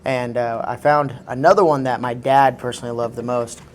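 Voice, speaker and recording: Man host, fast rambling talker, casual podcast, faint ambience. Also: medium pitch, steady tone, a little hiss or hum. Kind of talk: casual chat.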